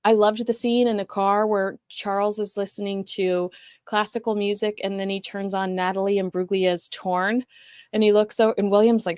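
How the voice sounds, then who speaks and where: A woman's voice: mid-range voice, darkish tone, dry recording, studio quality. A woman hosting a casual livestream, chatting and reading viewer comments in a rambling, talkative way. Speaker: show host reading live chat.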